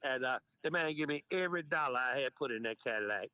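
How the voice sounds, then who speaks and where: This older man, another Memphis club DJ guest, speaks at medium pitch with a quick pace and clean tone while recounting club stories in a casual interview. Acting out the dialogue and laughing frequently, he comes through on a dry, lo-fi recording.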